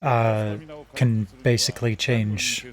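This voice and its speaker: A man's voice: medium pitch, flat delivery, takes it slowly. A man livestreaming a game, chatting casually in a put-on British-leaning accent, rambling with many fillers and restarts. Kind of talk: casual gameplay commentary.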